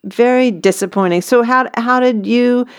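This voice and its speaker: A woman's voice: fairly high pitch, clean tone. A woman who hosts an interview and works as a parent educator, reacting readily and asking follow-up questions. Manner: engaged, quick to react. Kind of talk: conversational interview.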